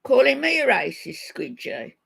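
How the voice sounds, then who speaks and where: A woman's voice: high-pitched, big pitch swings, moderate pace, vocal fry, fairly bright tone, breathy edge. An older woman hosting a casual livestream, talking to her viewers in an indignant, scolding way. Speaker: livestream host.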